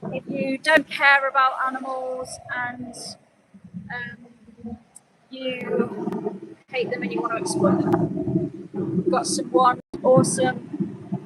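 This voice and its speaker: A woman's voice: high-pitched, very noisy. A woman animal rights activist livestreaming outdoors, talking earnestly, pleading one moment and scolding her chat the next. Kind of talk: live stream commentary.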